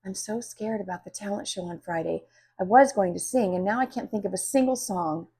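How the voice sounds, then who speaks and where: A woman voicing a friendly schoolgirl who sounds eager and worried, in a soft, breathy voice. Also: medium pitch, brisk.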